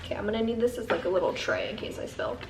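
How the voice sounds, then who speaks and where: A woman's voice: medium pitch, very fast, vocal fry. Chatty young woman vlogging, echoey and noisy. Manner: chatty, giggly, talks to viewers as friends. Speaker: lifestyle vlogger. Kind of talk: casual vlog chat to camera. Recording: echoey, off-mic, noisy background.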